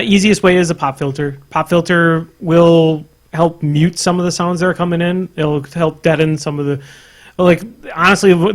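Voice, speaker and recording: Chatty man on a gaming podcast. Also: a little high. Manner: laid-back, laughs often, restarts mid-sentence. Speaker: podcast co-host reading listener questions. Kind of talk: casual gaming podcast chat.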